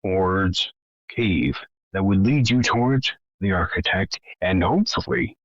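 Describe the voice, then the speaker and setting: Um homem que narra como mestre de jogo, com voz grave e entonação muito viva. Ele conta a cena de forma dramática e divagante. O áudio é abafado e seco, de baixa fidelidade. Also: male voice, low-pitched, expressive, unhurried, dry recording, muffled recording. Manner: dramatic, rambling narration. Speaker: game master. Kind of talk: narrating a tabletop game.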